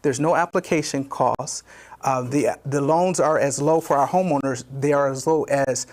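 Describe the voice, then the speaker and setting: A man's voice: medium pitch, normal speed. A man from a disaster loan agency giving an informational briefing, explaining points with frequent fillers and restarts and repeating what he wants to emphasize.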